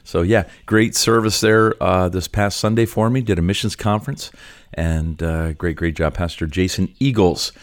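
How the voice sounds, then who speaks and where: A man's voice: sits low, moderate pace, no room sound. A Canadian man co-hosting a podcast, chatting casually and laughing often. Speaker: podcast co-host, pastor. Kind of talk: casual chat.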